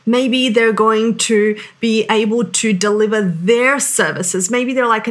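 A woman in her thirties speaks as a sales coach in a motivational business talk. She is earnest and emphatic, leaning on "like" as she goes. Her voice sits at an ordinary middle pitch. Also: fairly bright tone. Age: 30s. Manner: earnest and emphatic, heavy use of "like".

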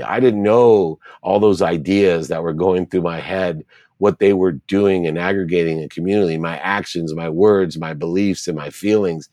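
A man's voice: sits low, mellow, no echo. A middle-aged man, an interview guest, telling his life story in an earnest, reflective way and stacking repeated phrases.

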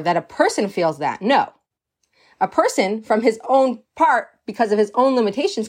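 Earnest woman teaching Torah. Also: medium pitch. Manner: earnest, emphatic, sprinkles Hebrew terms. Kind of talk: storytelling lesson.

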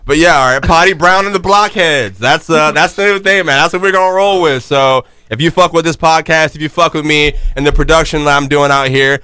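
A man's voice: fairly high pitch, brisk, hardly any pauses, pushed and bright, clear, resonant tone, no room sound. Hyped young man hosting a podcast. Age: young adult. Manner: hyped, joking, talks with lots of slang. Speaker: podcast host. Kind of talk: casual chat.

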